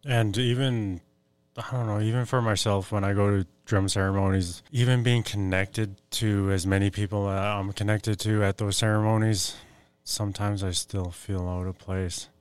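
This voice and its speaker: A man hosts a podcast, asking long, winding questions and sharing his own experience, stopping and restarting as he finds his words. His voice is low and fairly flat in pitch, smooth and clear. The sound is dry and close. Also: no room sound. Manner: halting, rephrases questions as he speaks. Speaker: podcast host. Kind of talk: conversational interview questions.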